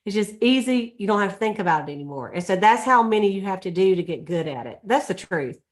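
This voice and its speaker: A woman's voice: mid-range voice, animated, fast talker. A middle-aged or older woman, leading a sales meeting in a casual, chatty way and acting out little scenes. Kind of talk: casual motivational talk.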